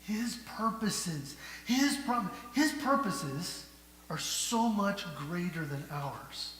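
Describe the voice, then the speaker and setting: A male pastor preaching a sermon, asking the congregation rhetorical questions and moving between hushed and loud delivery. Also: high-pitched, lively intonation, slow. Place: church sanctuary. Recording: echoey church hall with faint hum.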